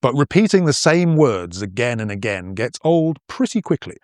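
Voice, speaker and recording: A man from northern England, his northern accent mostly worn away, narrates a scripted language lesson as a podcast host. His mid-pitched voice swings widely as he explains, with measured pauses for effect. The recording is close and dry, with no room around it. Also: sing-song, dry recording. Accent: softened northern English.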